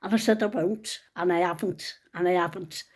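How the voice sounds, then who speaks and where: This older woman's fairly low, steady voice moves at a moderate pace. A vlogger with a Liverpool accent, she tells the camera an emotional story from her own life, chatty and heartfelt, in local dialect.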